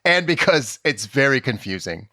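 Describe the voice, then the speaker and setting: A man on a comedy podcast, adding dry, deadpan asides in casual chat. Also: medium pitch, moderate pace, no room sound. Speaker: podcast co-host.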